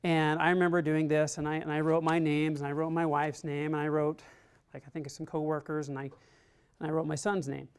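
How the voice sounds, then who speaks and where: An army resilience trainer gives a classroom lecture that includes a personal story, chatting informally with plenty of "like" and sounding earnest and encouraging. His voice sits on the high side with little pitch movement, and his delivery is brisk and smooth.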